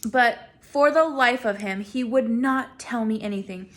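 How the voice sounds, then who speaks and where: A woman telling her own story in a casual vlog. She talks in a sassy, animated way and laughs often. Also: a little high, unhurried.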